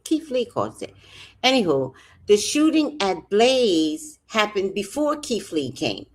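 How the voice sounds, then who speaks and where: A woman talks on a casual livestream, her pitch leaping high and low as she goes. She rambles through profane, joking asides and drifts off topic. Her voice sits at an ordinary middle height. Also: sing-song, slow, a little mellow. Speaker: vlogger. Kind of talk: casual livestream chat reading comments.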